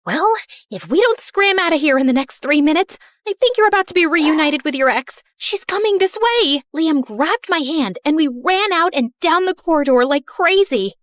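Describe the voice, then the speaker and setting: A young woman narrating her own animated story in first person, bubbly and playful. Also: high voice, moderate pace, no echo.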